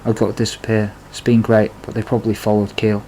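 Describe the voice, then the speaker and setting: A man's voice: lowish voice, monotone, quick pace, warm tone, slight background noise, rough recording. A man narrating his own life story in a plain, confessional way, with blunt swearing. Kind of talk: memoir storytelling.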